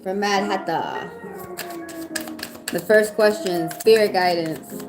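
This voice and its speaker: A woman's voice: medium pitch, slow. Southern woman, chatty tarot reader on a livestream, loose and casual, music playing behind.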